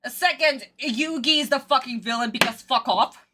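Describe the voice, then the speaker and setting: High-pitched ranting woman streamer. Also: normal speed, noisy background. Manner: exasperated, swears a lot, rants at the screen. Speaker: streamer reacting to an anime episode. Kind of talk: casual live reaction rant.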